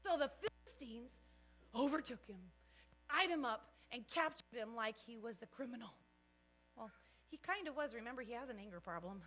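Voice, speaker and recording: A woman teaching a children's church Bible lesson in an animated way, often asking the kids questions. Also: fairly high pitch, normal speed, soft background music.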